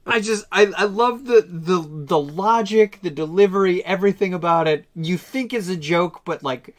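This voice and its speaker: A man on a casual podcast with two friends, retelling favourite movie lines with animated energy. His delivery is loose and conversational. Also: high-pitched, moderate pace, few pauses. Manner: animated retelling of film quotes. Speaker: podcast co-host. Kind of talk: casual chat.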